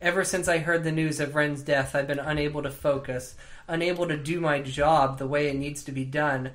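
A man's voice: fairly high pitch, steady tone, a little fast, fairly bright tone, close to an everyday voice. A man reading aloud as a grieving, bitter woman senator, in a bleak tone.

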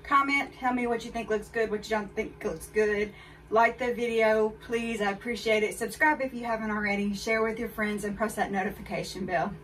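A woman's voice: medium pitch, steady tone, brisk, a bit bright. A woman chatting candidly to her viewers during a clothing try-on haul. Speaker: fashion haul vlogger. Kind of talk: casual try-on haul chat. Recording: voice a bit far from mic, faint background noise.

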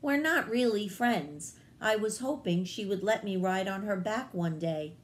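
Small fairy girl, read by a woman: frightened, wary, shaky, storybook tone, slow. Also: medium pitch, animated, natural voice. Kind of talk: children's read-aloud.

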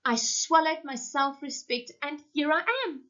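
A woman voicing a big, motherly woman who wails and gushes in a high voice, read aloud from a short story. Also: steady tone, measured pace, a bit bright. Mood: gushing. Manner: wailing, high and gushing. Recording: muffled lo-fi recording.

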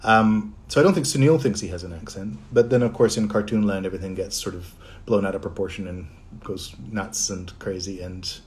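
A man's voice: low-pitched, brisk, a little mellow. A middle-aged man from Canada, a voice actor, chatting casually on a livestream, reading out fan comments and answering them.

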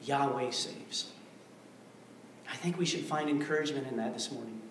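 A male pastor preaching a sermon, emphatic and repetitive, swinging between hushed passages and forceful declarations. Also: mid-range voice, normal speed, a little hiss or hum. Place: church sanctuary. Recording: very echoey church hall, mic far off.

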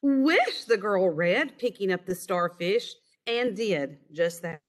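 Expressive woman reading a picture book. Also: on the low side, slow. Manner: expressive, storytelling. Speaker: children's book reader. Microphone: online screen-share recording.

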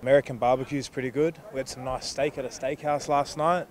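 A young man with an Australian accent, a rugby league player answering interview questions outdoors in a relaxed way. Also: mid-range voice, quick pace.

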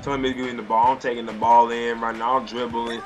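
Loud slangy young gaming commentator. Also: male voice, mid-range voice, little pitch movement, quick pace, lo-fi sound. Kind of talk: casual video game commentary. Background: game crowd noise.

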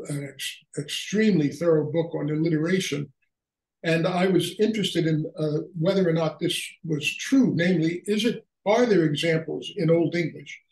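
An older man giving a halting academic lecture on poetry, full of fillers and restarts. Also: fairly high pitch, creaky, recorded from a distance. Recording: echoey room, speaker away from mic.

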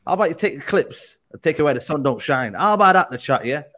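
London football guy mocking a rival fan, high voice that swings up and down a lot. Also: fast. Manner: taunting, boastful, animated. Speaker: co-host, football pundit. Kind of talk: heated football banter.

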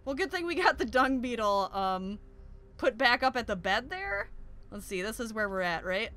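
A woman's voice: on the high side, big pitch swings, moderate pace, pushed and bright. A young woman commenting on her survival game playthrough, shrieking in panic at danger and chatting casually in between. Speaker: gaming YouTuber. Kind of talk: let's play commentary.

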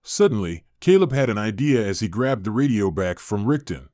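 A man narrating an audiobook in a steady, plainly read way. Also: lowish voice, normal speed, dry recording, studio quality.

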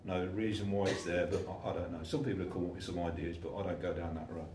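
Through background noise and an echoey room, a distant man preaches informally, telling stories chattily and acting out the voices in them. He speaks fast in a low-pitched voice with fairly even intonation.

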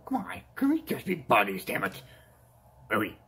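A man's voice: medium pitch, huge pitch swings, normal speed, gravelly, a bit bright, exaggerated voice. A man voicing a boastful, whiny male clown villain in a toy-figure fan play, pleading and taunting by turns and yelping in pain.

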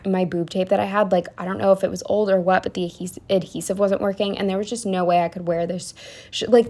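A young woman narrates her planner spread in a casual, rambling voice-over. Her voice sits on the low side for a woman, and she peppers her talk with ums and likes as she chats along. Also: darkish tone. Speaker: planner vlogger.

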